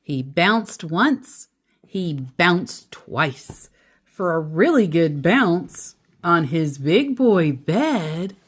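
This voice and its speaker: Lady reading a storybook to a kid, playful, super expressive, takes her time. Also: lowish voice, extremely slow, husky. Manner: expressive, playful, laughs along. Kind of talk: reading a picture book aloud to a child.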